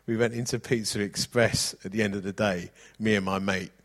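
Man, low voice, middle-aged, chatty sermon storyteller, reads scripture aloud. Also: steady tone, moderate pace. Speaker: preacher. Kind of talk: sermon with anecdotes.

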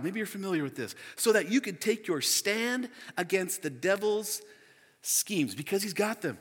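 A man in his forties preaches with a high, ringing voice, lively and chatty, laughing as he goes and scattering fillers through his talk. His voice carries a long reverb, as in a large church sanctuary. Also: normal speed, breathy edge. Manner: energetic, chatty, laughs often, many fillers. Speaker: pastor. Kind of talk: sermon.

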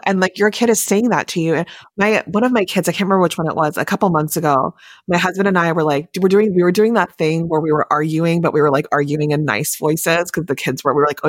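A woman in her thirties, a therapist guest on a podcast, telling family stories in an animated way and acting out the dialogue. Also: fairly low pitch, no echo, studio quality. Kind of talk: casual heartfelt conversation.

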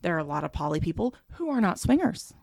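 A woman's voice: lowish voice, very animated, fast talker, vocal fry, a little mellow, dry recording, clean studio sound. A woman co-hosting a podcast in casual chat, playful and brash, swearing freely and laughing often. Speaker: podcast co-host.

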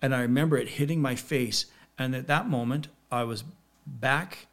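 A middle-aged man, a podcast guest, recounting a personal experience in a quiet, reflective way with pauses. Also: medium pitch, creaky. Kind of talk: personal storytelling in an interview.

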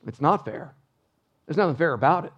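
A man's voice: on the high side, expressive, a little fast. A male pastor preaching a sermon in church, emphatic and full of rhetorical questions to the congregation. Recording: dull lo-fi sound.

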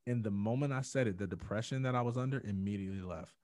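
A man's voice: fairly low pitch, fast, a little mellow, no room sound, studio quality. A man, a podcast guest, telling a personal story in earnest and acting out the quotes with rising intensity. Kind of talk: personal testimony in a podcast interview.

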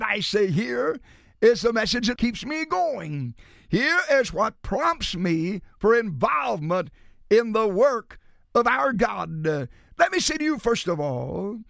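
Preacher guy, really high voice, gravelly edges, swoops all over the place. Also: dry recording, clean studio sound. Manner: rising to shouts, then dropping low and slow. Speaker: pastor. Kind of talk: sermon.

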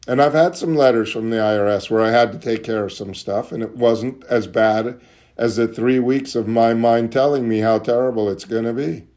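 A man candidly sharing at a recovery meeting, questioning himself aloud and dropping soft and low when he voices his inner thoughts. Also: moderate pace. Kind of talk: candid personal talk.

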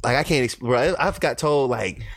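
A man's voice: mid-range voice, a little fast, gravelly, dry recording. A young man co-hosting a podcast, telling stories loosely with lots of slang in casual chat. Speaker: podcast co-host.

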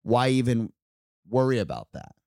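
A man's voice: medium pitch, very animated, normal speed, vocal fry, dark tone, no echo, clean studio sound. A young man co-hosting a podcast, joking around in casual chat. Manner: goofy, joking. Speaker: podcast co-host.

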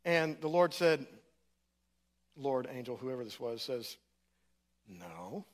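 A man's voice: medium pitch, measured pace. A middle-aged man preaching in a church, telling his story in a casual, conversational way. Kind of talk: sermon testimony.

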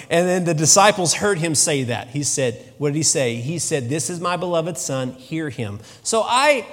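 Man, preacher, sermon, chatty, repeats himself, church, reverberant hall. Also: fairly high pitch. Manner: conversational, animated, repeats phrases.

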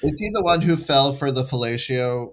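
A man's voice: medium pitch, animated, moderate pace, fairly bright tone. Man chiming in on a podcast. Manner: brief agreeing interjections. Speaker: guest co-host. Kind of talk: casual podcast chat.

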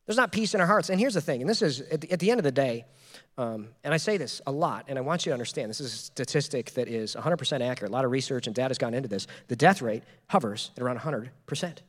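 A man in his thirties, a pastor, giving a lively conversational sermon full of questions to the congregation. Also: medium pitch, fast talker. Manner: animated, conversational, rhetorical questions. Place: church hall. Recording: reverberant church hall.

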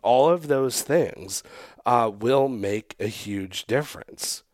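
A man hosting a podcast, chatting casually in a loose, rambling way full of little fillers. His voice sits at an ordinary pitch, and the recording is close and dry with no room sound. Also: slow pace, no echo. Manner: relaxed, rambling, many fillers. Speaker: podcast host. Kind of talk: casual chat.

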